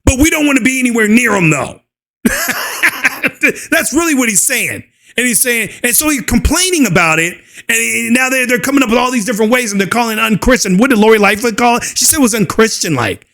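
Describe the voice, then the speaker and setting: High-voiced man ranting with scorn. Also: animated, fast talker, vocal fry, fairly bright tone. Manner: mocking, scornful, laughs often. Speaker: channel host. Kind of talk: ranting commentary video.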